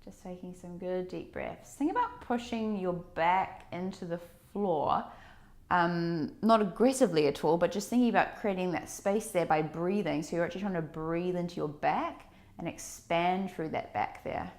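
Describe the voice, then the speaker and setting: This fitness instructor's voice runs a little low and moves at normal speed. She calmly cues breaths and movements through the workout while chatting in between.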